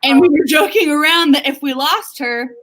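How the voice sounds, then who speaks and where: A woman's voice: high-pitched, moderate pace, a bit bright, rough recording. A woman hosting a casual livestream chat, bubbly and giggly as she greets viewers. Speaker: livestream host.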